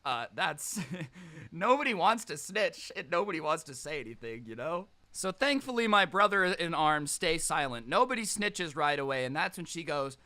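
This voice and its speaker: Bright-voiced young man telling stories. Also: fairly high pitch, moderate pace. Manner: sarcastic, animated retelling. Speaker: storyteller. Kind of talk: casual storytime.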